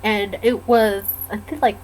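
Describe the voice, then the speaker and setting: Halting, soft-spoken woman telling her story. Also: medium pitch, steady tone, a little hiss or hum, poor audio. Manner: halting, with many pauses and fillers. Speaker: vlogger sharing a personal story. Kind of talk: casual personal storytelling. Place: lives in Georgia, USA.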